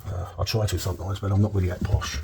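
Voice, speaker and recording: A middle-aged man speaks quickly in a low-pitched voice with vocal fry and little pitch movement, over background noise. Demonstrating cornice plastering indoors on a job site, he chats, jokes and keeps asking "okay?"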